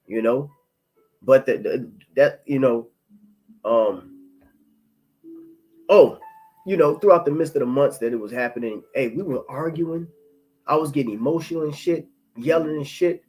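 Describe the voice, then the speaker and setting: A man giving an informal spoken testimony, profane and rambling, repeating words and restarting, reading scripture aloud more slowly. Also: mid-range voice, a little mellow, soft background music, rough recording.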